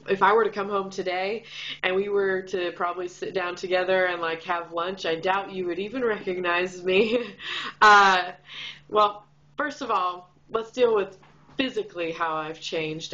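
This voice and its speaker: A woman's voice: fairly low pitch, a bit bright, dull audio. Bubbly young woman with a Midwestern twang. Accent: Midwestern with a slight Southern twang. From Kansas. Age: young adult. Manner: bubbly, chatty, lots of fillers. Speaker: vlogger. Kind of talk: casual chat to camera. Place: room lit by a window.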